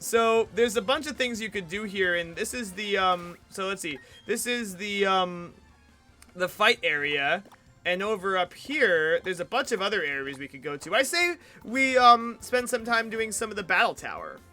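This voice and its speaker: A chatty man talking his way through a video game on stream, full of fillers and restarts. His voice is high and bright, and faint game music plays behind him. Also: lively intonation, moderate pace. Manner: rambling, chatty, many fillers. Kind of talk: casual let's play commentary.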